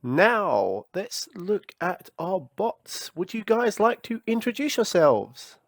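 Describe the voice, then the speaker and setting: A man with a slightly high voice leads a software tutorial. He explains things step by step in a clear, instructive manner. The sound is dry and close, with little room echo. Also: very animated, takes it slowly. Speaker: tech tutorial host.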